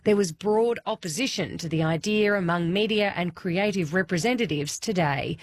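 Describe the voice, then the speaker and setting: A woman narrating a scripted news report in an even, deliberate way. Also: on the low side.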